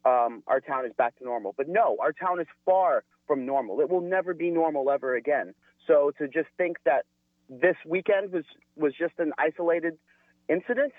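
A man as a radio guest, speaking earnestly and deliberately with frequent ums. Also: fairly high pitch, no echo. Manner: earnest, deliberate, with many um fillers. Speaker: guest on phone. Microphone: telephone. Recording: tinny phone line.

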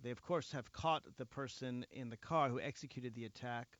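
A man's voice: mid-range voice, moderate pace, fairly bright tone, no echo, dull audio. A man hosting a talk radio show, leading guests with emphatic, indignant remarks.

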